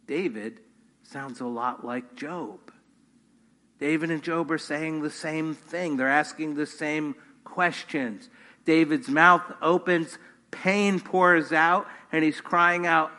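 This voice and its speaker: A man's voice: a little high, takes it slowly, pushed and bright. A man preaching a sermon to his congregation, earnest, rising in force on key points. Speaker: pastor. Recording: long hall reverb.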